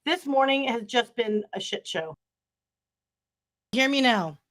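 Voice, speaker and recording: A woman with a high voice, the producer and co-host of a live online show. She speaks bluntly and jokes her way through technical trouble, heard over a video call. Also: animated, slow, fairly bright tone. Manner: blunt, joking, frustrated with tech. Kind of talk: casual livestream chat.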